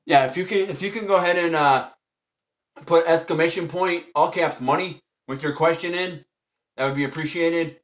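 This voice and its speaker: Hosting a tarot livestream, a man with a fairly high voice chats easily with his audience at a moderate pace. Polite yet strict, he keeps repeating firm directions to the chat.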